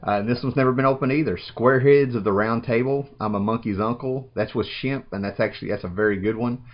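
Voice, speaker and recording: A man's voice: medium pitch, quick pace. A man in his thirties chatting casually while unboxing, rambling with enthusiasm and often saying "man". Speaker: vlogger unboxing a package. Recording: dull lo-fi home recording.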